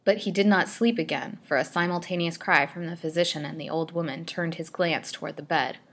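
A woman narrating a serialized gothic storybook with a dramatic, expressive reading. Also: low-pitched, brisk.

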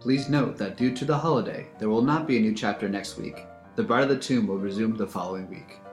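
A man's voice: lowish voice, fairly quick. A man reading a scripted outro announcement in a plain, informative manner. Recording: roomy with music underneath.

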